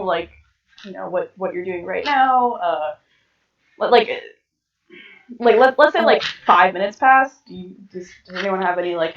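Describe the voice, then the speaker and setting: A woman's voice: medium pitch, echoey room, far from the mic, dull audio. A woman narrating as game master of a tabletop game, hesitant, with many fillers and restarts.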